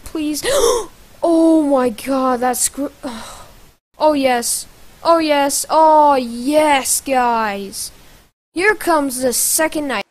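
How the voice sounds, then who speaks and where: A woman giving casual, excitable gameplay commentary with loud exclamations. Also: high-pitched, drawn-out words. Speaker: gaming channel host.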